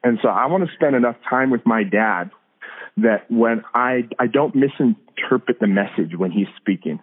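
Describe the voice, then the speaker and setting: A man with a mid-range voice and lively intonation talks at a normal pace. As a podcast guest in casual faith talk, he earnestly describes hearing God, restarting often and using fillers, on a tinny phone-like recording.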